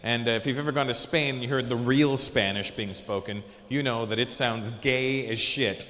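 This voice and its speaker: A man doing a stand-up comedy set, telling stories in a lively way and switching into quick voices for the people in them. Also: medium pitch, reverberant, big-room sound. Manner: animated storytelling with quick voice switches. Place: large comedy venue.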